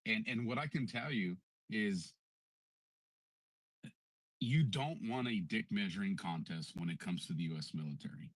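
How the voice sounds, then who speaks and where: A blunt man in casual political talk on a live audio space, pressing his points with emphasis and salty language. His voice has a husky edge. It is picked up close and dry, with no room sound. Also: lowish voice, normal speed, pauses often, dry recording. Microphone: home mic in a live audio stream.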